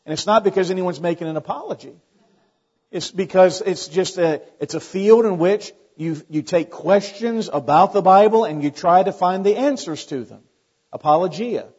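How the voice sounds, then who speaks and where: Husky-voiced man preaching a folksy sermon. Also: sits high, moderate pace, darkish tone. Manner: folksy, conversational preaching with anecdotes. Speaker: pastor. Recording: dull lo-fi sermon recording.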